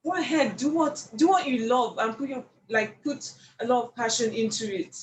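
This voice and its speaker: Animated woman in an echoey room. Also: on the high side, normal speed, slight background noise. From Nigeria. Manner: animated, expressive storyteller with frequent laughs. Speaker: painter, podcast guest. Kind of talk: casual storytelling interview. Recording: echoey room with faint ambience.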